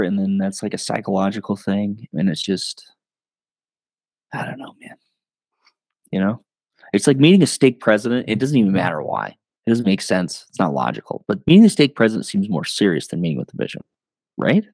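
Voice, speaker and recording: A man, a podcast guest, telling stories in a loose, animated way, full of fillers and quick laughs. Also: fairly low pitch, gravelly, no room sound. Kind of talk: casual storytelling.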